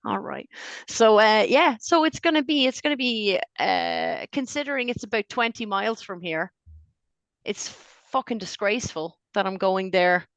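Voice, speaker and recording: A middle-aged woman chatting on a podcast, her voice full of gravelly fry. She tells stories with lots of swearing and laughter. The sound is dry and close. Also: mid-range voice, normal speed, no room sound. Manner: profane, animated storyteller, laughs often. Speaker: podcast co-host. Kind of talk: casual chat.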